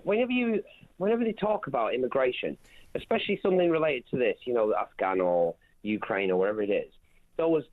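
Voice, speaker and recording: A man's voice: mid-range voice, very animated, quick pace. A man from Lincolnshire calling in to a radio show, wry and hesitant, with lots of fillers. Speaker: caller. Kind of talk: phone-in call. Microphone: phone. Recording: tinny phone line.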